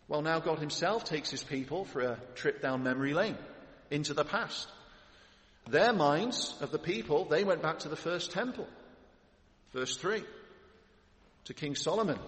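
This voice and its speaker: A man preaching an expository sermon in a church, building to emphatic lists of titles. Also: fairly high pitch. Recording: echoey hall with long reverb.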